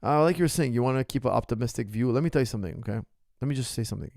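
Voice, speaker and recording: Heated, indignant male coach with lively pitch. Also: rapid-fire, dry recording, studio quality. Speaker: MMA coach and podcast host. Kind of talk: casual Q&A podcast rant.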